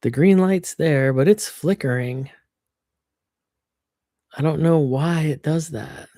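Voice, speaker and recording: A woman streaming from her computer, chatting casually and venting with frank, freely sworn complaints. Her voice is warm and mellow, picked up dry and close by a computer microphone. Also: deep voice, slow pace, no echo. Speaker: livestreamer. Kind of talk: casual livestream chat.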